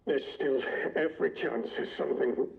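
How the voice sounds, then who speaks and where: An actor playing a wounded, urgent scientist in a video game, gravelly and pleading. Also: male voice, on the high side, fairly even intonation, normal speed, phone-quality sound. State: injured, in pain.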